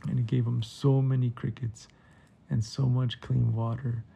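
A man tells a playful bedtime story with a gravelly, husky voice. His tone is dark and mellow, and he breaks into sound effects now and then. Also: mid-range voice, little pitch movement, unhurried.

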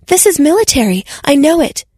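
Woman voicing a sharp-voiced scheming young woman. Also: high-pitched, normal speed, slightly rough, dry recording, studio quality, voice pushed up. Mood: excited. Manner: urgent, insistent, excitable.

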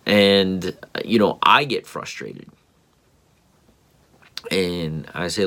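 Tired, earnest man with a very deep voice. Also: lively intonation, extremely slow, gravelly, pauses often, sharp tone. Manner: earnest, reflective, many fillers and restarts. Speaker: father vlogger. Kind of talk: casual personal storytelling.

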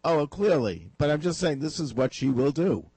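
A male talk radio host with a tired, husky voice, emphatically laying out political predictions in casual chat. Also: a little high, sing-song, moderate pace, mellow, dry recording, rough recording.

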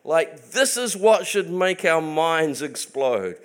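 A man's voice: fairly high pitch, very animated, takes it slowly. A man preaching a sermon in an earnest, emphatic way, often restarting his sentences.

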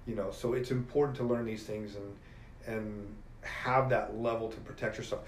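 A middle-aged man telling stories as a podcast guest, in an animated, emphatic way. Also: on the low side, normal speed. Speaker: podcast guest, jiu-jitsu black belt. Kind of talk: casual storytelling conversation. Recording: echoey room with faint ambient noise.

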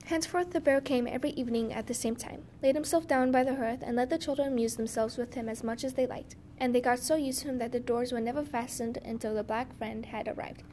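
A woman narrating a fairy tale in a steady, measured storytelling voice. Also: on the high side, slight background noise.

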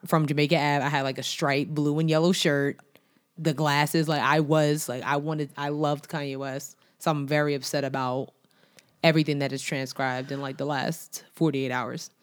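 Low-voiced laid-back woman podcast host. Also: flat delivery, moderate pace. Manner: laid-back, slangy, chatty. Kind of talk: casual chat.

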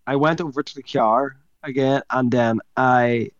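A man's voice: medium pitch, fairly even intonation, unhurried, dry recording. Man, casual podcast co-host, rambly and sweary, dry dull-sounding recording. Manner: rambling, sweary, laughs mid-sentence. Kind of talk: casual storytelling chat.

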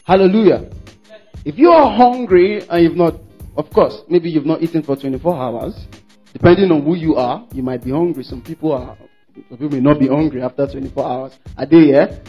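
High-voiced, husky, emphatic male preacher. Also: a little fast. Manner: emphatic, repeats phrases, calls for congregation responses; acts out worshippers' quoted words in shifting voices. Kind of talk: sermon. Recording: dull lo-fi sermon recording with faint music.

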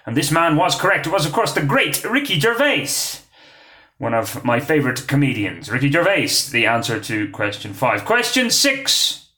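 A man's voice: fairly high pitch, bright, forceful tone, roomy sound. A man hosting a casual quiz podcast, joking between questions with lots of fillers. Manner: chatty, joking asides, frequent uh fillers. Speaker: quiz host. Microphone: phone.

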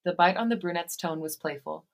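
Woman podcast host, lowish voice, reads fan fiction aloud, steady delivery. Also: a little fast, vocal fry. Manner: reads steadily, breaks into laughter.

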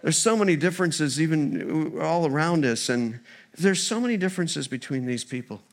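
A man preaching a sermon in a church as a guest speaker, a former missionary who tells funny stories in an animated way. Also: fairly high pitch, moderate pace. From United States. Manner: storytelling, humorous and animated.

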